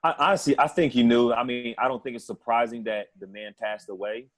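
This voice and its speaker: A man's voice: mid-range voice, fairly even intonation, a little fast. A man co-hosting a sports podcast in casual chat, rambling and profane, often laughing between his points. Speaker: podcast co-host.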